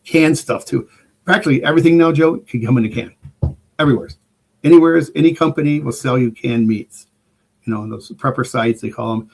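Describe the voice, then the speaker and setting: A rambling older man, appearing as a guest preparedness expert on a casual podcast, tells stories with enthusiasm. His medium-pitched voice is creaky, darkish and slightly rough, and he talks a little fast.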